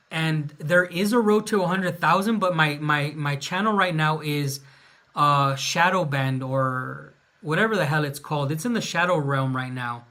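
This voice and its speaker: An American man chats his way through a live question-and-answer stream, loose and unscripted, often stopping on filler sounds. His voice sits slightly high and comes across bright and forward. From United States. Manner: casual, rambling, with frequent filler pauses. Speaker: livestream host. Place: indoors at home, late at night.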